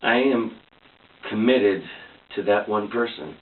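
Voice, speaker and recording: A man's voice: fairly low pitch, takes it slowly. A man talking earnestly to camera in a casual personal vlog, rambling and restarting his sentences. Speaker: vlogger. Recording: echoey, distant, phone-like tinny sound.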